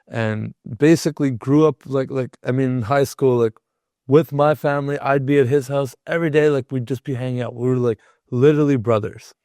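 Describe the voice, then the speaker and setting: A man's voice: mid-range voice, steady tone, brisk, warm tone, no room sound, clean studio sound. A young man, a podcast guest, telling a personal story in a casual, rambling way with lots of "like". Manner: rambling, heavy use of filler "like".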